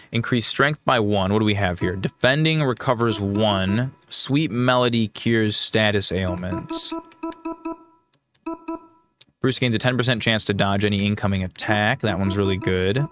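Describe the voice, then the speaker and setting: A man hosting a casual let's play, chatty and enthusiastic, with lots of restarts and fillers. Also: lowish voice. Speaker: gaming channel host. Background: faint music.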